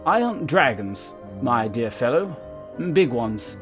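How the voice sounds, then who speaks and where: A man's voice: mid-range voice, animated, moderate pace, over music, pitched above the performer's own voice, close to an everyday voice. A man voicing a boastful, posh dragon hunter from a game, with a plummy, self-important drawl.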